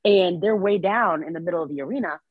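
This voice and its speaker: A woman's voice: fairly low pitch, quick pace, no echo. A woman co-hosting a podcast, chatting casually in a laid-back, rambling way. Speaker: podcast co-host. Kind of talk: casual recap chat. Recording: slightly muffled dry mic.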